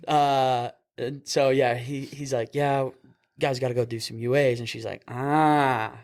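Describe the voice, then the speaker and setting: A man's voice: medium pitch, moderate pace. Young guy ems podcast host, laughs a lot, acts out the voices in his story. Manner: animated storyteller, acts out quotes, laughs often. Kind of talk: casual storytelling chat.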